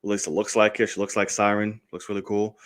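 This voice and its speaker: A man hosting a live movie podcast, chatting casually and cursing freely with animated asides. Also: fairly low pitch, fast talker, smooth. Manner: loose and swearing, animated asides. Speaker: podcast host.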